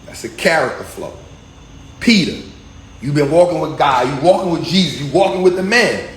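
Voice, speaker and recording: A high-voiced man preaching in casual slang, his pitch swinging widely as he repeats phrases for emphasis. The room is echoey, with a faint ambient hum behind him. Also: normal speed. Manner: animated, repetitive, slangy and conversational. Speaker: vlogger preaching. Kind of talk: casual street-style sermon.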